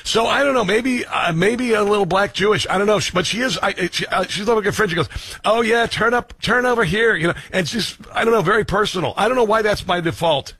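Husky, joking man hosting talk radio. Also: high voice, bright, forceful tone. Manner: joking, self-deprecating, quick asides. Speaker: radio talk show host. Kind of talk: casual talk radio banter.

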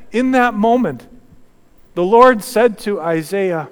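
A male pastor preaching a sermon, telling the story dramatically with repeated phrases, moving from fervent to hushed. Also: high voice, animated, slow, clean tone. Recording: long reverb in a large hall.

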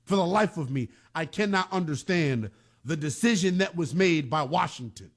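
Emphatic, higher-pitched sports talk host. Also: male voice, expressive, unhurried. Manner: emphatic, opinionated, conversational. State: emotionally shaken.

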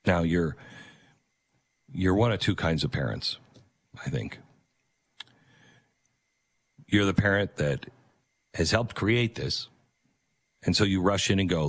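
A man's voice: sits low, lively intonation, slow pace, long pauses, husky. Impassioned man delivering an opinion monologue. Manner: impassioned, emphatic, rhetorical. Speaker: commentator.

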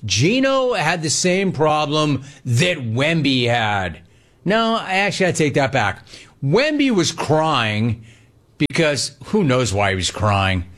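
A man's voice: fairly high pitch, sing-song, slow pace, a bit bright. A man hosting a sports talk radio show, giving a sarcastic and emphatic monologue.

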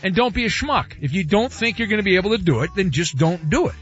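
A man hosting a talk radio show, brisk and wisecracking. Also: high-pitched, lively intonation, a bit bright, highs cut off, soft background music. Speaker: radio host.

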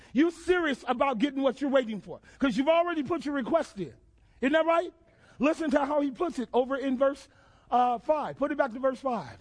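A high-pitched male pastor preaching with fervor. He questions his listeners directly and climbs into shouted, emphatic lines. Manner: preaching with call-and-response questions and rising shouts. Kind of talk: sermon.

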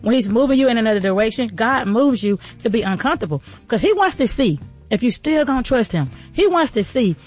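Woman host, rapid-fire motivational faith talk, fervent and folksy, soft music underneath. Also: a little high, animated. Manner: fervent, preacher-like encouragement; casual, folksy. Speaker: podcast host and entrepreneur.

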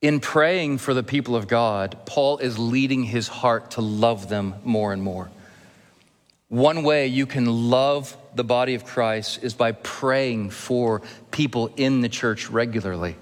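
Male pastor preaching in a reverberant hall. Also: medium pitch. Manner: earnest, gently humorous preaching with emphatic pauses. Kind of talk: sermon. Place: church sanctuary. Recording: long reverb of a church hall.

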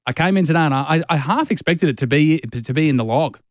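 A man's voice: fairly high pitch, lively intonation, fast talker, no room sound, studio quality. An Australian man hosting a radio show, talking enthusiastically with frequent stumbling restarts. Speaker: radio host. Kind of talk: casual on-air banter. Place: radio studio. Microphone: studio microphone.

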